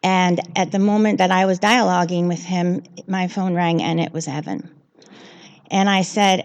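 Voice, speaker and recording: A woman's voice: lowish voice, steady tone, normal speed. A woman reading at a church service, telling a personal story in a heartfelt, earnest way. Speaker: service reader. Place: church sanctuary.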